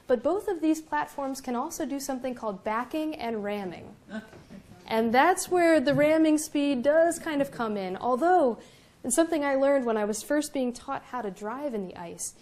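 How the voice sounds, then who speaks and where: A young woman with a slightly high voice gives a museum talk as a Coast Guard officer. She tells stories with lively, self-mocking humor. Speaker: Coast Guard officer giving a public lecture. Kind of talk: public lecture with anecdotes. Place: museum lecture room.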